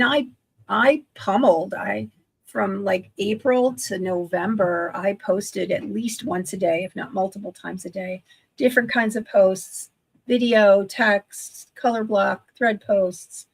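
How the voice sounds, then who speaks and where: Woman, 60s, gravelly and husky, chatty video-call guest who keeps restarting her sentences. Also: medium pitch, unhurried. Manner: chatty, self-correcting, enthusiastic. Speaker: guest, online business owner. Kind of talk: casual livestream chat.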